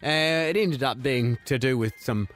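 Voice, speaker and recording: A man's voice: mid-range voice, expressive, moderate pace. A man co-hosting a breakfast radio show, teasing and laughing as he tells stories. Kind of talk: casual radio banter.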